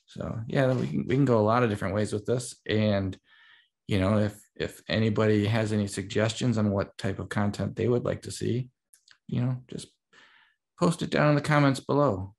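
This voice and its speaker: A man's voice: fairly low pitch, fairly even intonation, moderate pace, vocal fry, a little hiss or hum. A man co-hosting a casual chat who laughs often and answers in short agreeing replies. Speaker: podcast co-host.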